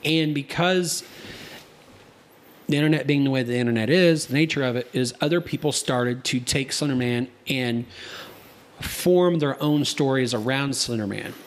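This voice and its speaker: A man's voice: mid-range voice, normal speed. A man co-hosting a casual podcast in a studio, telling stories in a rambling way with many restarts. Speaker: podcast co-host.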